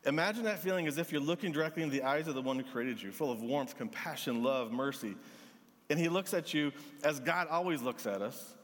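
Earnest male preacher in a reverberant hall. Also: a little high. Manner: earnest, gentle preaching with pauses. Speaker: pastor. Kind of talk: sermon.

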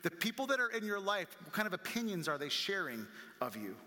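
Bright-voiced man preaching in a reverberant hall. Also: a little fast. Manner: conversational preaching, acts out voices of critics; rises higher and louder when animated. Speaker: pastor. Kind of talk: sermon. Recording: long reverb from a large room.

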